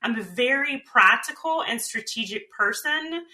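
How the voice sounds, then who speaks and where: A middle-aged woman talking as a podcast guest, candid and animated, telling stories about her life and family. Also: fairly high pitch, a little slow. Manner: candid, animated storyteller, swears casually. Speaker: podcast guest, author and speaker. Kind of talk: casual interview talk.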